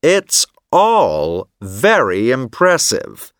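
A man voicing a rich male tourist who is polite and eager, speaking plainly and slowly in a textbook listening story. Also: mid-range voice, wildly swooping pitch, dry recording, studio quality, exaggerated voice.

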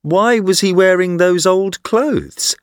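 A man's voice: sits high, slow pace, smooth, no room sound, clean studio sound, voice pushed up. A man voicing a poor, kind-hearted young man who gets easily flustered and asks eager, exclamatory questions. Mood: earnest.

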